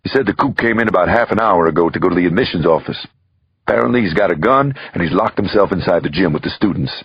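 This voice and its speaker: Man doing a brisk young precinct captain, raspy low voice, dull recording. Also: full character voice. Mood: briefing.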